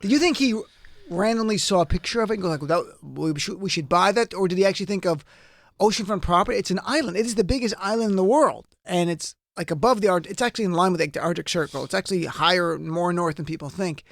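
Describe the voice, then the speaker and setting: A man hosting a live panel talk show, telling stories in a joking, animated way. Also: high voice, fast, creaky, no echo, studio quality.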